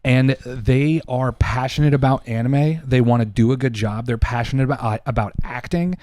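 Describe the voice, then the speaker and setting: A man's voice: mid-range voice, normal speed, a little mellow, no room sound, studio quality. A man co-hosting a casual podcast, arguing heatedly and emphatically, with lots of swearing. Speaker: podcast co-host.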